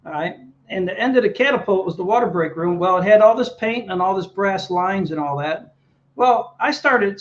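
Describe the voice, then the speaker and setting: Guest: male veteran, high-pitched storyteller, slightly muffled lo-fi audio. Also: a little hiss or hum. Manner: animated anecdotes, acts out dialogue. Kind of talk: storytelling interview.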